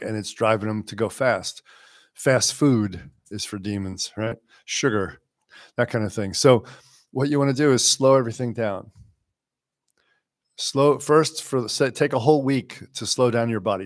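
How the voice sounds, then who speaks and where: Unhurried low-voiced male yoga teacher. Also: no room sound, clean studio sound. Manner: unhurried, wry, sometimes drops to a quiet slow voice. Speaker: spiritual teacher answering questions. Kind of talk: relaxed live Q&A teaching.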